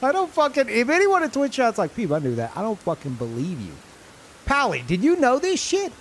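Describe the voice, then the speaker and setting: A man's voice: very high-pitched, huge pitch swings, normal speed, fairly bright tone, slight background noise. A man streaming a game live, reacting in disbelief, swearing often and laughing a lot. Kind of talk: live gameplay commentary.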